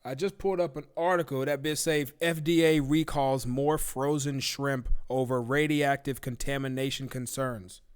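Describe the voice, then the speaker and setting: A man's voice: medium pitch, moderate pace, few pauses, clean tone. A man hosting a live-stream talk show, ranting casually with profanity and disbelief. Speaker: livestream talk show host.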